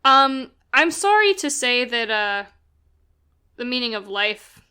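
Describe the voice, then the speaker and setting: A young woman co-hosting a casual podcast chat, eager and quick to jump in, swearing casually. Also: a little high, very animated, bright, forceful tone, clean tone. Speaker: podcast co-host.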